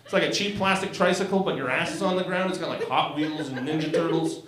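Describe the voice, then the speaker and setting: A man's voice: a little high, fast talker, fairly bright tone. A man in his forties from Canada doing a crude, self-mocking stand-up set on a club stage, often laughing at his own jokes. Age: 40s. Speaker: stand-up comedian. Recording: roomy club echo.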